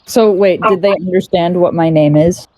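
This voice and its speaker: A woman playing her character in a tabletop game, speaking in an earnest, gentle way. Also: lowish voice, steady tone, moderate pace, dry recording, rough recording. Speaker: player.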